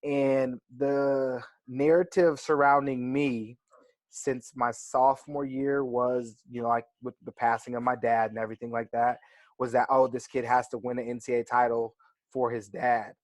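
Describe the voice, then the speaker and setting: A man's voice: mid-range voice, moderate pace, no echo. Man telling a story with lots of "like"s. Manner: animated, filler-heavy storytelling with many "like"s. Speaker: interview guest, former college wrestler. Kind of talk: casual storytelling on a video call.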